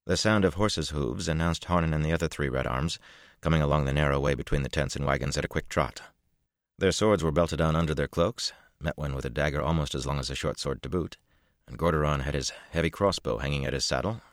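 A man narrates a fantasy novel in a measured, even voice. His voice is extremely deep. The recording is dry and close. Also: no room sound. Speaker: audiobook narrator.

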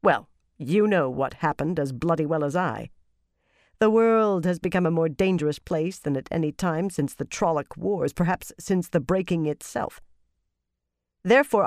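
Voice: medium pitch, no room sound, clean studio sound, natural voice. A narrator doing a blunt, cursing woman leader. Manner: blunt and forceful, swearing often. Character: harsh, foul-mouthed woman leader of a sisterhood. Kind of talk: audiobook character reading.

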